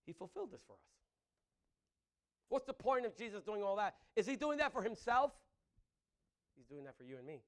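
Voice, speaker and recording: Man preacher, high voice, wildly swinging pitch, laughs mid-thought, calls for amens. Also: a little fast, long pauses. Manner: animated, often asks the congregation "Amen?"; breaks into laughter mid-sentence. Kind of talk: sermon.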